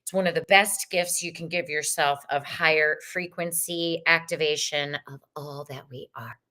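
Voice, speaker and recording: A woman's voice: sits low, fairly even intonation, moderate pace, pushed and bright. A woman hosting a live tarot reading, bubbly and effusive, her voice a little tired. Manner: bubbly, effusive, sprinkles in "y'all", sometimes sings. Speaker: tarot reader and livestream host.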